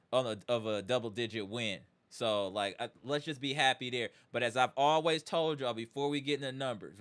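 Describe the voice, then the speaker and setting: A man's voice: mid-range voice, a bit bright, clean tone. A man hosting a live sports reaction stream, ranting emphatically with slang and repeated catchphrases before settling into a game breakdown. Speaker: sports talk show host.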